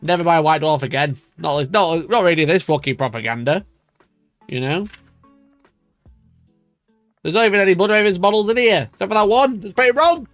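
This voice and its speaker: A man's voice: fairly high pitch, animated, moderate pace, pauses often, a bit bright, dry recording. Guy ranting on a hobby stream, voice jumping all over, dry room, faint music behind. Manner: ranting, swearing, mock outrage. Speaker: wargaming channel host. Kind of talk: casual live-stream chat.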